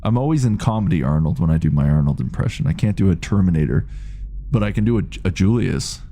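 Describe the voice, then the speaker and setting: A man's voice: low voice, expressive, fast talker, vocal fry, mellow. A man in his late thirties chatting casually on a game live stream, rambling, swearing freely and reading out chat messages. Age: 30s.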